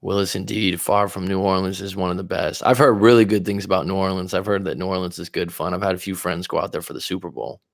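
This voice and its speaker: A man's voice: deep voice, fairly even intonation, fast, vocal fry, few pauses, no echo, clean studio sound. A man coaching on a livestream, chatting casually and swearing freely as he reacts to viewer comments. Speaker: life coach hosting a livestream.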